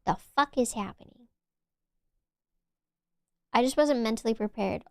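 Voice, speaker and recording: A young woman streamer rambles and teases her chat, often giggling. Her voice sits a little high. The sound is close and dry. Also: measured pace, vocal fry, long pauses, dry recording. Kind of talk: casual chat with viewers.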